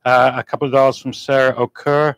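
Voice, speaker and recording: A man's voice: mid-range voice, flat delivery, fast. A man co-hosting a live stream, reading out donations in a plain, matter-of-fact way with some hesitation.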